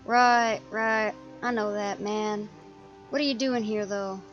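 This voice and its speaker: A woman's voice: medium pitch, little pitch movement, measured pace, highs cut off, soft background music, close to an everyday voice. A woman voicing a paranoid, brusque teenage boy in a game, blunt and conspiratorial.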